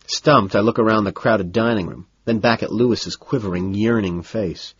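A man with a low, husky voice narrates a novel in the first person, cool and measured. The recording is dull and dry, with a lo-fi edge and no room sound. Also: dry recording. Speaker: audiobook narrator.

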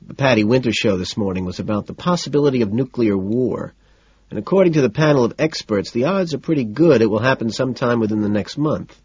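A man reading a first-person audiobook in a deadpan, matter-of-fact way. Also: medium pitch, quick pace, slightly rough, dry recording. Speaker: audiobook narrator. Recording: dull lo-fi recording.

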